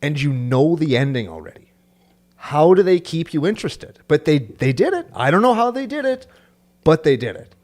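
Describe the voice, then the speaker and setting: A man's voice: fairly high pitch, moderate pace. A man co-hosting a casual podcast chat, telling stories and acting out funny quoted lines. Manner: lively storyteller, acts out scenes with funny quoted voices. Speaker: podcast co-host.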